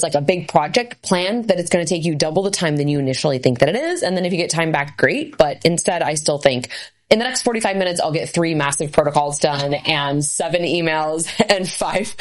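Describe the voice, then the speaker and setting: A woman with a slightly low voice talks through health topics on a casual podcast. She explains things quickly and conversationally, with plenty of fillers along the way. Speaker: podcast host, health practitioner.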